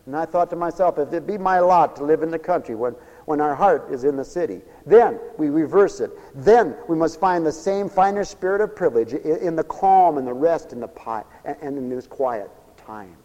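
A man preaching a folksy sermon, swinging between loud exhortation and quiet asides. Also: a little high, expressive, normal speed. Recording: echoey hall with long reverb.

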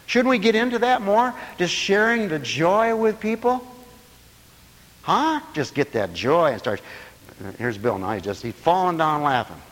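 Animated preacher man with swooping voice. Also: unhurried, big-room sound. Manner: animated, swooping pitch, laughing asides. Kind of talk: sermon.

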